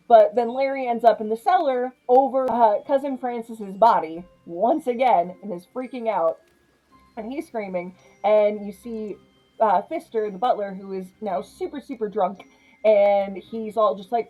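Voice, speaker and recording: A young woman casually recapping a horror comedy, chatty and animated, laughing often. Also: mid-range voice, moderate pace, faint music behind, poor audio. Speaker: film reviewer.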